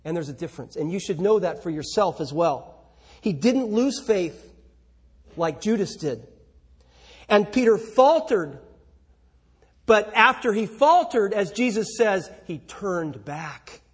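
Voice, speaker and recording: Preacher, male, high husky voice, emphatic sermon delivery with rhetorical questions. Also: expressive, a little slow. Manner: emphatic, rhetorical questions, swings between loud and soft.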